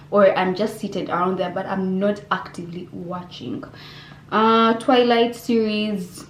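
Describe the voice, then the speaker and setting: A woman's voice: mid-range voice, slight background noise. A young woman from Uganda, chatting casually in a vlog Q&A, rambling with lots of fillers and restarts. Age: young adult. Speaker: vlogger. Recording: echoey room with faint ambience.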